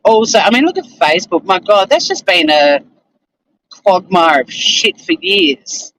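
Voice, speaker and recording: A woman's voice: on the low side, big pitch swings, measured pace, fairly bright tone, a little hiss or hum, rough recording. A woman chatting casually on a livestream, answering viewers and ranting bluntly with plenty of swearing and laughter. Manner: blunt, exasperated, swears freely, laughs often. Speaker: streamer. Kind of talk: casual livestream chat reading viewer comments.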